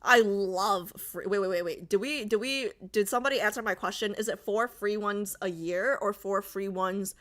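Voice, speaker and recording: A woman's voice: medium pitch, moderate pace, hardly any pauses, a bit bright. A woman streamer in casual livestream chat, joking and reading out and answering her chat. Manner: chatty, jokey, reads and answers chat aloud.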